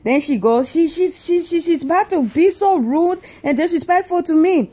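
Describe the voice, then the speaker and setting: Brief: high-pitched woman from Africa, indignant comedic storyteller who repeats for emphasis. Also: moderate pace, hardly any pauses, dark tone. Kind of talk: comedic rant to camera.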